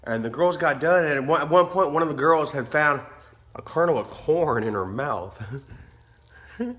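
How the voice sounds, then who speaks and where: A man's voice: on the high side, animated, moderate pace, fairly bright tone. A man, vlogging casually, telling rambling stories, laughing often and swearing freely. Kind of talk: casual vlog storytelling.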